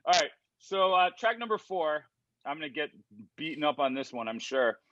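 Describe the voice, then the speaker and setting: Homme à la voix vive, son terne. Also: male voice, fairly high pitch, very animated, moderate pace, fairly bright tone, dry recording. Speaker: co-host reading out track lists. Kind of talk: casual chat. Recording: dull lo-fi dry sound.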